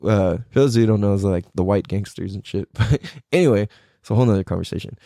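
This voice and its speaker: A man's voice: on the low side, quick pace, vocal fry, mellow, dry recording, studio quality. A man casually telling rambling, profane stories, often laughing and mimicking other people's voices. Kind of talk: casual storytelling.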